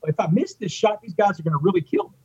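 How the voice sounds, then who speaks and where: His voice sits high, fast and husky as this Port Arthur, Texas man animatedly relates a personal experience in an interview, acting out what others said. The lo-fi audio is dull and dry, with no room sound.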